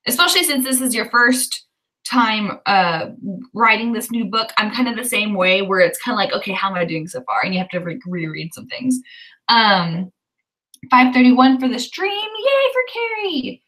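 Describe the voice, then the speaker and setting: A woman's voice: mid-range voice, moderate pace, fairly bright tone, far from the mic, poor audio. A woman hosting a writing livestream, chatting casually and cheering on viewers as she reads out their comments. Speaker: livestream host of writing sprints.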